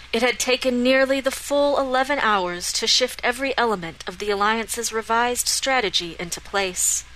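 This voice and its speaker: A woman reading a fantasy novel aloud as an audiobook narrator, in a smooth, even storytelling manner. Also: on the high side, a little hiss or hum, low-quality recording.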